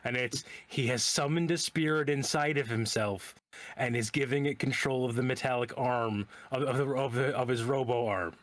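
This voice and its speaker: A man's voice: mid-range voice, moderate pace, dry recording. A man playing a tabletop game, describing his character's actions in a rambling way with many repeated words. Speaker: player. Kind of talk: casual play at a tabletop game.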